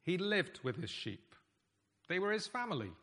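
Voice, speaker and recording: Bright-voiced male preacher in an echoey hall. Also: high-pitched, very animated. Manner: conversational, emphatic, with pauses and shifting volume. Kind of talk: sermon.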